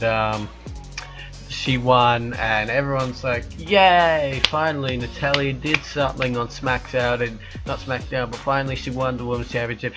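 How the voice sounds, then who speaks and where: A young man talks through a wrestling event in a loose, rambling review, tripping over names and correcting himself as he goes. His voice sits at an ordinary middle pitch, and faint music plays underneath. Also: fairly bright tone. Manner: rambling, quick, jokey with self-corrections. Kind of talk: casual solo review chat.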